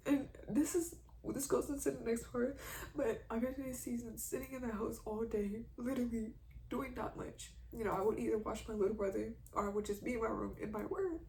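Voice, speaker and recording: A woman's voice: a little high, steady tone, a little fast, darkish tone. A twenty-one-year-old woman giving a heartfelt faith testimony, earnest and emotional, tearful at times. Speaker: vlogger sharing a faith testimony.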